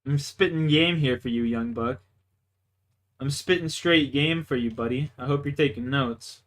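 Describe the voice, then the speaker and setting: A man's voice: mid-range voice, moderate pace. A young man from Canada livestreaming a game, telling crude, boastful stories in a rambling way full of "like" fillers. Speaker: gaming livestreamer. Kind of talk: casual storytelling chat.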